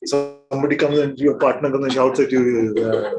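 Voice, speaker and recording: A man giving a spiritual talk to a gathering as its teacher, gently playful, chuckling often and prodding listeners with rhetorical questions. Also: mid-range voice, fairly even intonation, moderate pace, few pauses, loud music behind the voice, poor audio.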